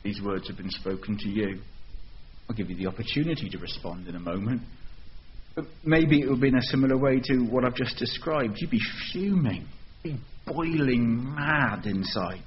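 A man preaching a sermon in an expressive, storytelling way, with rhetorical questions to the congregation. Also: medium pitch, moderate pace, muffled recording.

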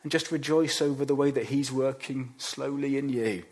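A man preaching a sermon, acting out quoted voices and dropping to quiet emphasis on key lines. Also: mid-range voice, moderate pace.

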